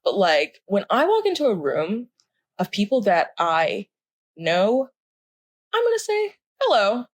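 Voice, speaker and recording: A woman's voice: mid-range voice, a little slow, pauses often, no room sound. A young woman from the American South, co-hosting a podcast, ranting casually and sarcastically with frequent swearing. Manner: animated, sarcastic, swears freely. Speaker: podcast co-host. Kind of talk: casual rant. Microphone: podcast mic.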